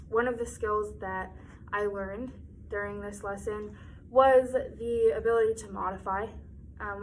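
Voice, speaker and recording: A teenage girl giving a demonstration reading lesson to young children, slowly sounding out letters, and then explaining how she taught it. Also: mid-range voice, a little hiss or hum, low-quality recording. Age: teens. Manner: slow and sing-song, sounding out letters. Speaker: student presenting a teaching demonstration. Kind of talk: teacher talk to young children, then reflection.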